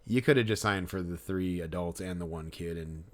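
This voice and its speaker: Deep-voiced and speaking at a moderate pace, this podcast co-host recounts a story in relaxed chat. He wanders and hesitates, filling gaps and starting over again and again.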